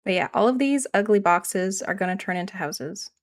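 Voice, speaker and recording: A woman's voice: medium pitch, expressive, normal speed. Chatty Canadian woman streaming a game. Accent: regional Canadian. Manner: rambling, self-deprecating, answers chat. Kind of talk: casual live-stream chat while gaming.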